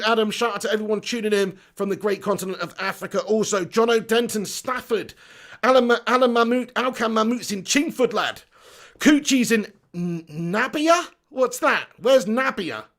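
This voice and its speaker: A man's voice: sits high, a bit bright. A young man hosting a fan livestream, talking bluntly and swearing freely while joking and reading out viewers' comments. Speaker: fan channel livestream host. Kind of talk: casual livestream chat.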